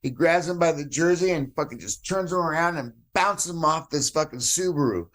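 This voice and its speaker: A man on a podcast spins a wild fight story in a slightly high voice, swearing freely. He acts out what everyone said, jumping between voices. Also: moderate pace. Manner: animated, swears often, acts out quoted voices. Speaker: podcast guest, jiu-jitsu black belt. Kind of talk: casual storytelling chat.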